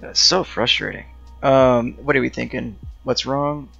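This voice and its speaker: A man's voice: mid-range voice, unhurried, gravelly, fairly bright tone, lo-fi sound, faint music behind. A young man live-streaming a game, chatting casually and thinking aloud as he reads out dialogue choices.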